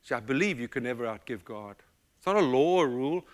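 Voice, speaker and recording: A middle-aged man from the United States, a pastor, telling personal stories in a sermon with emotional, animated delivery. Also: mid-range voice, fast talker. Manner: emotional, animated storytelling with quoted voices. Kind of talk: storytelling sermon.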